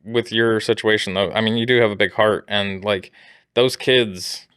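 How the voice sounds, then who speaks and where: A man's voice: fairly low pitch, steady tone, moderate pace, a bit bright, clean tone, no room sound, studio quality. A man co-hosting a podcast, easygoing, chiming in with short agreements, laughs and his own asides. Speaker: podcast co-host. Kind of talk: casual chat.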